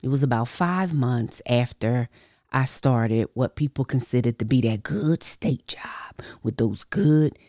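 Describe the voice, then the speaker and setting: A woman hosting a podcast and sharing a personal faith testimony in casual, colloquial speech, animated as she acts out her own reactions. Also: extremely low pitch, unhurried, no echo, studio quality. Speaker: podcast host.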